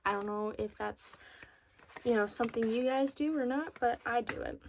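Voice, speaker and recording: A woman's voice: on the high side, moderate pace, creaky, noisy background. A woman of twenty-two chatting in a bubbly, gushing way about her makeup purchases as a beauty vlogger. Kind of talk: casual makeup haul chat.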